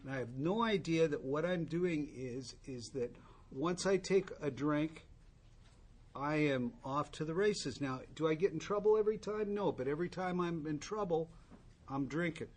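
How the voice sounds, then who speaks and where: A man's voice: fairly high pitch, normal speed. A man telling his own recovery story to a group, candid and wry, with asides to the listeners. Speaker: recovery speaker.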